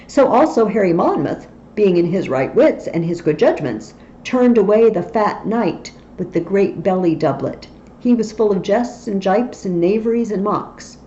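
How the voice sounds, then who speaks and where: A woman reading aloud gives an earnest, long-winded Welsh army captain who stacks up old-fashioned words. The voice is mellow. It comes through a dull, faintly noisy recording. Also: mid-range voice, expressive, moderate pace, lightly acted.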